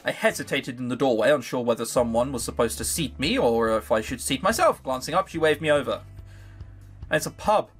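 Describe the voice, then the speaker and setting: Brief: a wry let's-player man reading and joking along, animated, with faint music behind. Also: medium pitch, brisk. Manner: wry, sarcastic asides. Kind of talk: reading aloud with joking commentary.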